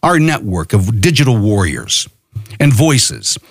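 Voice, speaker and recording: On the low side and a little slow, with big pitch swings, a middle-aged American man hosts a podcast and delivers a profane, fiery political rant exhorting listeners to act. There's no echo, and the audio is studio quality.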